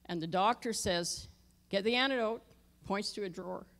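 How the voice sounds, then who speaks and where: In a church sanctuary, a middle-aged woman pastor shares a personal story during her sermon at a normal speed. She drops her voice low for the tense moments and gets loud when she wants emphasis.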